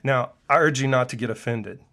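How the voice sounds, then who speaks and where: This middle-aged man, a functional medicine clinician with his own podcast, talks briskly through an earnest, preachy personal monologue, using "uh" often as filler. His medium-pitched voice has a fairly bright tone.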